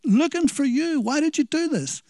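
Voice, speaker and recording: A man's voice: extremely high pitch, expressive, normal speed, mellow, no room sound, voice pushed up. A male preacher voicing a frantic mother scolding her young son in a raised voice. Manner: scolding, anxious.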